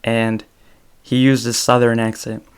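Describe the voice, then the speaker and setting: In an unscripted solo episode of his podcast, a young man speaks unhurriedly in a medium-pitched monotone. His voice is clear and resonant, and he thinks aloud, correcting himself as he talks off the cuff.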